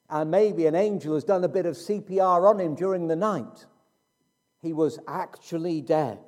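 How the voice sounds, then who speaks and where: A man delivers a sermon at an unhurried pace, leaning on each phrase with deliberate pauses. His voice is mellow and warm, sitting a little high for a man. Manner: slow, emphatic preaching with dramatic pauses. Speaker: preacher.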